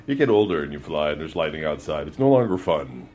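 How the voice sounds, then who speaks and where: A man in casual podcast chat, wry and quick to laugh. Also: very deep voice, sing-song, a crowd in the background.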